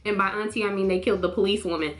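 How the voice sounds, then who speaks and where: A young woman vlogging a casual show review, slangy and animated, acting out lines with sudden high jumps in her voice. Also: racing, soft background music. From North Carolina, US. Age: young adult. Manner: animated, slangy, acts out quotes with big pitch jumps.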